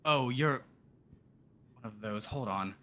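Guy game-mastering, rambly halting narration, lots of uh and kinda, mid voice. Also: medium pitch, fairly bright tone. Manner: loose, halting narration with many fillers.

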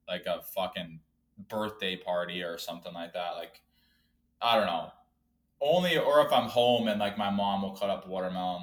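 Young male podcast host, lowish voice, rambling profane rant, self-mocking. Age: 20s. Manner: swings between loud outbursts and low mumbling. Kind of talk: casual solo podcast rant.

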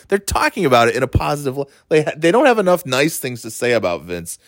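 A man hosting a casual podcast, rambling through a story, swearing freely and mimicking people in quick asides. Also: mid-range voice, sing-song, no room sound, clean studio sound. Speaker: podcast host.

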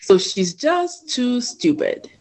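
A woman from Ghana, a podcast guest, telling a personal story in an animated way and acting out the voices of the people in it. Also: a little high, takes it slowly. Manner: animated storyteller who acts out quoted voices.

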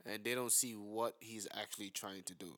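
Bright-voiced blunt male co-host. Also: lowish voice, fairly even intonation, normal speed. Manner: blunt and heated, with many fillers and stammered restarts. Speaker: podcast co-host. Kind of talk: casual chat.

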